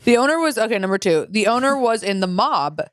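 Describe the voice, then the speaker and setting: A young woman co-hosting a casual podcast, swearing freely and laughing as she reads stories out loud. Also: mid-range voice, expressive, fairly quick, no room sound, clean studio sound. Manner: profane, laughs while reading stories aloud. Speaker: podcast co-host.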